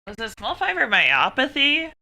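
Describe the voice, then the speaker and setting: A young woman streamer in casual chat, ranting in an animated, exasperated way with plenty of swearing. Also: high-pitched, moderate pace.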